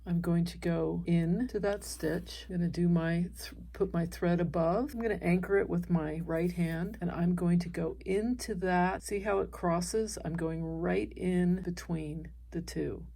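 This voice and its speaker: Gravelly-voiced woman teaching embroidery. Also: on the low side, unhurried, hardly any pauses. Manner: calm, explains while stitching by hand. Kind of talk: step-by-step craft tutorial.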